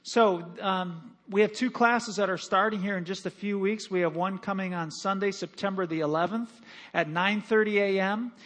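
High-voiced pastor, emphatic and repetitive. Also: male voice, a bit bright. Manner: emphatic, repeats phrases, calls for congregation responses. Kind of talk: sermon.

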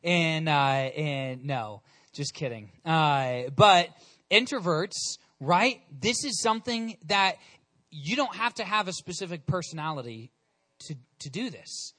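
Bright, high-voiced energetic young pastor. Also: male voice. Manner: energetic, conversational, emphatic. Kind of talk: sermon.

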